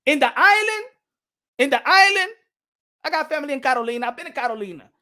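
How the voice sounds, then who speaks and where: Animated man ranting on a vlog. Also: extremely high pitch, racing. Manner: animated, emphatic, repeats phrases often; laughs between points. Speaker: boxing channel host. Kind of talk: casual vlog commentary.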